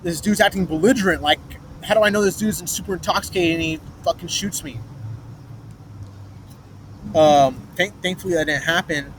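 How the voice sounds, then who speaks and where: With traffic and lots of street noise behind him, a young vlogger with a kinda high voice tells a rambling personal story at a moderate pace. He restarts his sentences, curses, and imitates the voices of the people he quotes.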